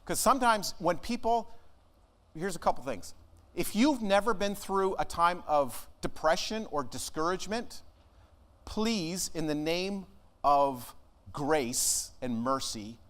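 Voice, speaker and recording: A man, an American minister, preaching a conversational sermon in a church, earnest and dropping to a hush at times. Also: high voice, sing-song, measured pace. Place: church sanctuary.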